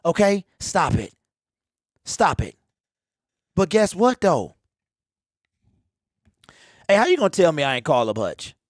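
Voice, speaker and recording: A man's voice: on the high side, sing-song, slow, long pauses, no room sound, studio quality. A man in his forties hosting a fan livestream, rambling and teasing his chat in a casual rant. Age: 40s.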